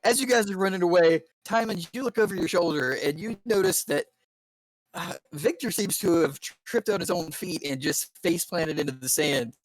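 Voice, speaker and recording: A man narrates a tabletop game as its dungeon master, in a slightly high voice. He stumbles through rules and scenes with frequent fillers and restarts. The sound is dry and close, with no room around it. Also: animated, moderate pace, no echo, poor audio. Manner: hesitant, full of fillers and restarts. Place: home setup on a stream.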